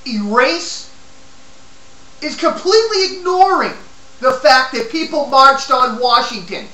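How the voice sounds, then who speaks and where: A woman giving an impassioned political rant, indignant and repetitive, her voice shaking with anger as it builds to shouting. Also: high voice, reverberant, poor audio. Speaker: political commentator.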